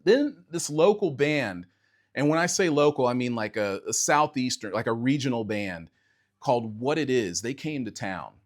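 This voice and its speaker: A middle-aged man, a bassist, telling a reflective personal story to camera in a casual conversational way, acting out quoted dialogue. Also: animated, normal speed. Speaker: bassist and video creator.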